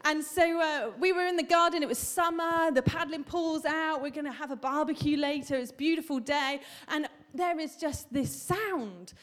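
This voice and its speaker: A woman's voice: sits high, normal speed, few pauses. A woman in her thirties preaching a sermon to a congregation, chatty and humorous, telling stories and asking the room questions. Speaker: pastor. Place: church hall.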